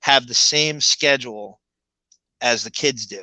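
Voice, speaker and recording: A man's voice: mid-range voice, pushed and bright, dry recording, low-quality recording. Man, Long Island accent, podcast co-host, rambling and chuckling, dry close sound. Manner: rambling, chuckling, slips into quick impressions. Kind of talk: casual commentary chat.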